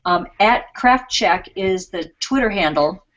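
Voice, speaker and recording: A woman's voice: mid-range voice, animated, slow pace, a bit bright. Woman co-host, easygoing, reads viewer comments aloud, slightly muffled sound. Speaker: craft show co-host reading viewer comments. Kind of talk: casual live chat.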